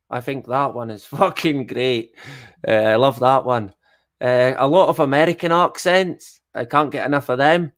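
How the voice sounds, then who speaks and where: A middle-aged Scottish man chatting casually on a live stream, swearing freely and joking at his own expense. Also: a little high. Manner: swears a lot, chatty and self-deprecating.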